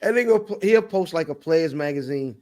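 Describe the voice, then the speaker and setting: A man's voice: a little high, expressive, normal speed, a little mellow. A man co-hosting a podcast in casual sports chat, loose and slangy, laughing often. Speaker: podcast co-host.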